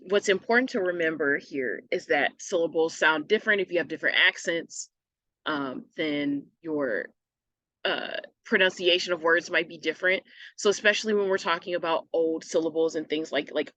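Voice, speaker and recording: A woman teacher explaining a lesson patiently, often checking in with a quick "right?". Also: low voice, fairly bright tone, no room sound, muffled recording. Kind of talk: recorded online lesson.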